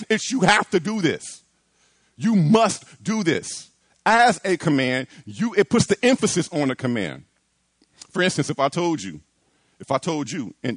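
Guy preaching at church, lots of repeating for emphasis, pitch jumps all over, dry mic. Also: dry recording. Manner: animated preaching with repetitions and emphatic rises. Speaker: pastor. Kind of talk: sermon.

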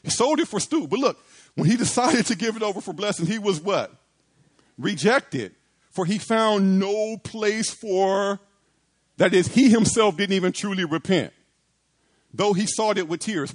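A man's voice: high voice, animated, measured pace. A man preaching a sermon, asking rhetorical questions, repeating phrases and acting out quoted pleas.

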